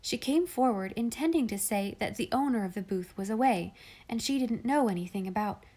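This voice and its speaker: A woman reading a classic children's novel aloud in clear, measured storytelling. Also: on the high side, lively intonation, mellow. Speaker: audiobook reader.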